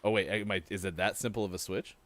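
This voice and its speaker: A man's voice: lowish voice, fairly even intonation, rapid-fire. A man hosting a live gaming morning show in loose, chatty talk, laughing often. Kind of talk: casual live-stream chat.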